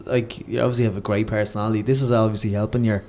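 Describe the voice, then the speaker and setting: A man hosting a casual podcast, asking questions in a relaxed, encouraging way. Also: on the low side, very fast.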